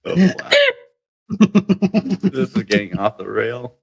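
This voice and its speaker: A man's voice: fairly low pitch, sing-song, takes it slowly, gravelly, husky. A man co-hosting a podcast, reacting to jokes with exasperated groans. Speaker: podcast co-host. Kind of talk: casual chat.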